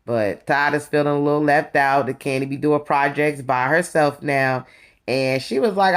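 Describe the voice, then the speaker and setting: A reviewer recapping a reality show in casual gossip style, chatty and sassy, calling viewers "you guys" and "honey.". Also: normal speed. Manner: lively, swings between excited highs and low asides.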